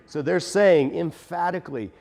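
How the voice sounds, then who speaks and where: A man teaching a Bible study in a conversational, animated way, stressing points with emphasis and joking at his own expense. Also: a little high, moderate pace, gravelly, big-room sound. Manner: animated and emphatic, with self-deprecating asides.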